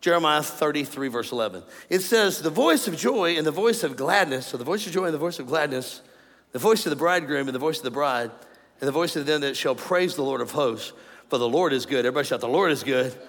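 A man preaching a sermon to a congregation, animated and joking with the crowd. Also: a little high, quick pace. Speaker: pastor. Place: large church auditorium. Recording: long hall reverb, faint ambience.

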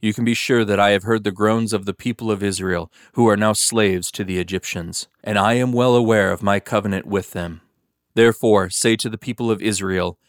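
A man's voice: lowish voice, no room sound, clean studio sound, natural voice. A man reading as a solemn almighty god.

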